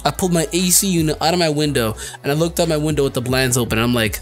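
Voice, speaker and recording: A young man talks through his anime review in a loose, casual rant. His voice sits a little high, and he lurches between loud, heated bursts and low, grumbling asides. Faint music plays underneath. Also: racing, hardly any pauses. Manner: excitable, swings from loud heated outbursts to low mutters.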